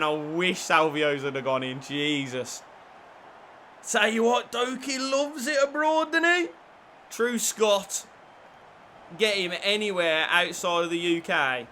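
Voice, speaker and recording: A man commentating on his own football video game play, shifting between low muttering and shouted excitement. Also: unhurried, a little hiss or hum. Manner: lively, swings from low mutters to shouted celebrations. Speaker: gaming YouTuber.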